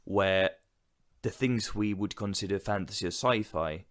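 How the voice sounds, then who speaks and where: This is a man with a low, deep voice chatting casually about films as a podcast co-host. He is reflective and agreeable, and he often backs up his partner with quick affirmations. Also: fairly bright tone. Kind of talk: casual film discussion.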